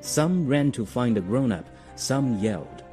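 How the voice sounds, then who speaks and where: A man narrating a children's story in an expressive storytelling manner. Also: mid-range voice, unhurried. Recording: music behind.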